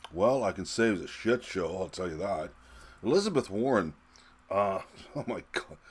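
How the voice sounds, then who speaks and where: Ranting man, lowish voice. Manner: ranting, mocking, profane, with bursts of laughter. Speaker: political vlogger. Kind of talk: solo opinion rant.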